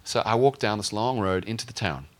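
A man preaching a sermon through a personal story, lively, acting out the dialogue in a raised voice. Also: fairly low pitch, brisk. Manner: animated, acts out dialogue in a raised voice.

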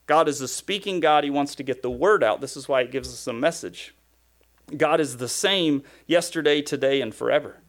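A man's voice: on the high side, moderate pace, a bit bright. A man preaching a sermon as a pastor, conversational and emphatic, driving points home with repeated phrases.

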